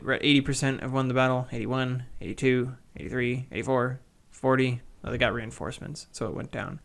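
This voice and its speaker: A man's voice: medium pitch, fairly even intonation, brisk, creaky, few pauses, a bit bright. A man giving casual, wry play-by-play commentary on a strategy game he is playing. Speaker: gaming channel host.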